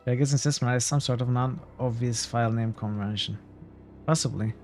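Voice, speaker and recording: A man's voice: medium pitch, steady tone, normal speed, a little mellow, faint music behind. Musing male game streamer. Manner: musing, thinking aloud. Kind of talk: casual gameplay commentary.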